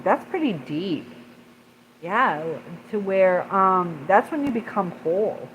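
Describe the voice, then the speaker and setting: On a casual livestream, a mid-range-voiced woman wanders from topic to topic, filling gaps with lots of fillers and pausing to read and reply to the chat. The audio is poor, with a little hiss or hum.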